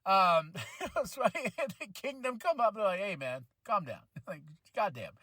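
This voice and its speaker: Excitable guy with a high bright voice doing a wrestling review, dry close sound. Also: normal speed, no room sound. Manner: excitable, hyped, shouts when thrilled; casual slangy delivery, laughs often. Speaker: wrestling podcast host. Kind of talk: solo show review.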